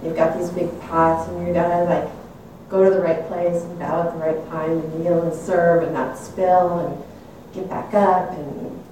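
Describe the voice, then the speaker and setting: A woman's voice: lowish voice, a little slow, few pauses, slight background noise. Older woman telling a story in an echoey room. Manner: animated and candid, laughing at herself. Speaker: speaker sharing a personal story. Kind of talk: reflective personal storytelling. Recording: echoey room, mic at a distance.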